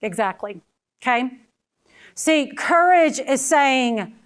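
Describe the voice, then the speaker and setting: High-voiced woman telling stories on stage. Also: a little slow, fairly bright tone. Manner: storytelling, addresses audience as friends. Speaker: keynote speaker. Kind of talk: motivational talk.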